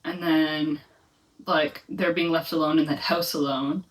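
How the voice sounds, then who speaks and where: A woman's voice: low-pitched, steady tone, a little slow. Chatty young woman rambling about a book. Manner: chatty, rambling, many "like" fillers. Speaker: book vlogger. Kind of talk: casual reading vlog chat. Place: home, reading in bed or on couch. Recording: voice a bit far from the mic.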